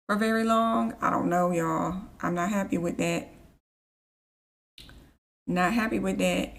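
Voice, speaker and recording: A woman chatting casually while live-streaming a game, rambling and easily annoyed, with a rough morning voice. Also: mid-range voice. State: morning voice, just woke up.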